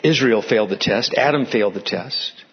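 A pastor preaching a dramatic sermon, dropping into hushed tones for emphasis. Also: male voice, fairly low pitch, moderate pace, slightly rough, muffled recording.

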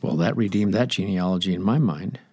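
A man's voice: low-pitched, a little fast, warm tone, slightly rough, no room sound. An older man, a pastor teaching the Bible on air in a chatty, rambling way with jokey asides, speaking into a studio microphone.

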